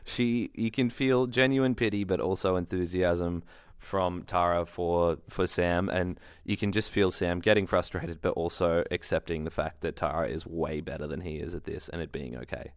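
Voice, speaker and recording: A man co-hosting a podcast, chatting casually with dry, deadpan reactions. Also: sits low, moderate pace, hardly any pauses, smooth, no room sound. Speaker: podcast co-host. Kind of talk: casual chat.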